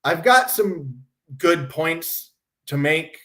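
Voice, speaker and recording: A man with a slightly high speaking voice hosts a casual stream, talking in a blunt, sardonic way. He swears freely and mocks what he describes. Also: lively intonation, drawn-out words, a bit bright. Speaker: host.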